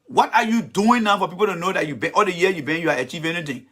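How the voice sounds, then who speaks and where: A man's voice: a little high, animated, very fast, sharp tone, husky. Blunt, profane man. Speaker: political commentator host. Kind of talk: heated political rant.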